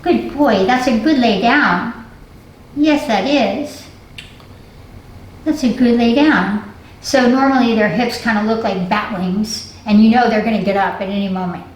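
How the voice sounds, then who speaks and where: A woman with a fairly high voice teaches a dog training lesson, switching between steady explanation and coaxing praise. She sounds distant from the camera in a very echoey space, with faint background noise. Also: unhurried.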